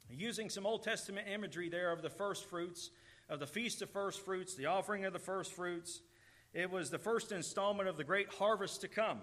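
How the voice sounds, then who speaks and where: A man's voice: high-pitched, moderate pace, fairly bright tone. A man preaching a sermon, earnest and emphatic, repeating key words for stress. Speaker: pastor.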